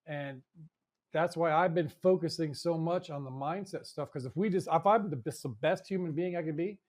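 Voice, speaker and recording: A man's voice: on the high side, normal speed, a little mellow. A man hosting a live in-person event, talking casually in a rambling way, repeating words and swearing now and then. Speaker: show host. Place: indoor venue in front of an audience.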